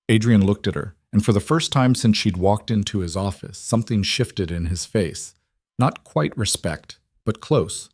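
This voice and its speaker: A man reading a scripted story in a steady, even narration. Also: fairly low pitch, moderate pace, breathy edge, dry recording, clean studio sound.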